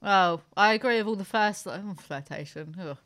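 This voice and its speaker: A woman's voice: mid-range voice, moderate pace, fairly bright tone. A woman hosting a podcast in brash, joking chat, swearing freely as she banters. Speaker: podcast host.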